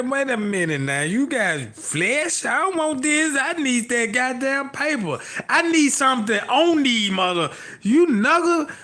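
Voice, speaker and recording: A man with a high, bright, sharp voice rants in a loose comic monologue. He swears freely, drifts from one topic to the next, and keeps asking whether listeners follow him. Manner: profane, repeats "you know what I'm talking about". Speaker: live streamer.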